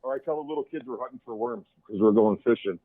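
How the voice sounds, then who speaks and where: A man's voice: medium pitch, fast, no echo. A man from a hobby club talking casually and agreeably as a guest on a call-in show. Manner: conversational, agreeable. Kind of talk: casual chat. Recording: tinny dry phone-line call.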